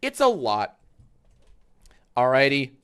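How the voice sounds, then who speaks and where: A man hosting a live stream, chatting casually and loudly, swearing, laughing and getting excited in bursts. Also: takes it slowly, clear, resonant tone. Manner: excitable, loud, swears, laughs often, big swings in pitch and volume. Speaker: livestream host. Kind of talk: casual livestream chat.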